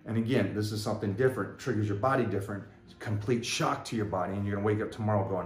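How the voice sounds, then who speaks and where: A man coaching a workout in a gym, energetic and joking as he explains the exercises. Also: fairly low pitch, racing. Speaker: fitness coach. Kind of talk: casual workout vlog coaching. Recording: roomy echoey gym.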